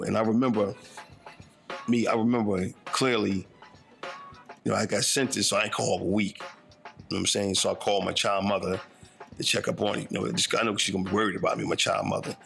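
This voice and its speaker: Speaking fairly quickly but pausing often, a man in his fifties from northern New Jersey reflects on his life in a conversational first-person account. His creaky voice is low-leaning, level, and a bit bright; he uses street slang, keeps asking "you know what I'm saying," and soft music plays behind.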